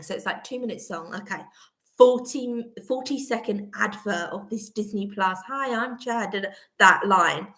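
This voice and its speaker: A woman's voice: mid-range voice, pushed and bright. A woman hosting a casual live chat from home, rambling between topics and laughing often. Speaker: vlogger host. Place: at home, indoors.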